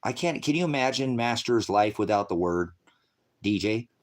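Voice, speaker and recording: A man in his sixties rambling through a live-stream monologue, cursing freely and swinging between low mutters and loud rants. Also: lively intonation, normal speed. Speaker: livestreamer.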